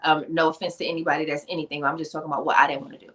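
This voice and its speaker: A woman guest on a podcast, an author and speaker, telling her life story in an emphatic, animated, conversational way with slang asides. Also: low voice, racing. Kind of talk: personal storytelling in a podcast interview.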